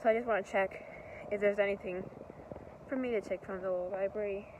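Young woman vlogger, casual and rambling, mid-pitch, steady background noise. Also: quick pace, muffled recording. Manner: chatty, rambling, upbeat. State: slightly out of breath while walking. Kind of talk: casual vlog chat to camera. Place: outdoors in a park at sunset.

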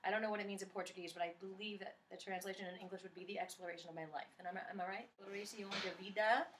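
A woman hosting a playful home music chat, excitable and quick to joke and put on voices. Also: medium pitch, background noise. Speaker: show host.

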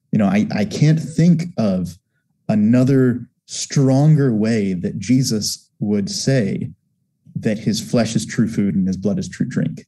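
A man's voice: fairly low pitch, measured pace, warm tone. A man, a priest guest, earnestly explaining scripture with quoted verses in a casual discussion.

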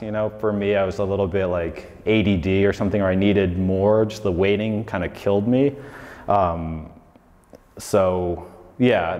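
Man, 40s, low voice, casual lecture, rambling with fillers, echoing hall. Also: darkish tone. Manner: loose, rambling, heavy on "like" and "you know". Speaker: designer giving a lecture. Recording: long hall reverb.

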